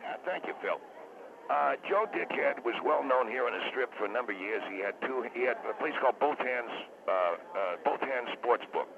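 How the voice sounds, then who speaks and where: Gravelly male caller on phone. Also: medium pitch, lively intonation, moderate pace, crowd noise. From Las Vegas. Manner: hesitant, many restarts. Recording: gravelly tinny phone line with hiss.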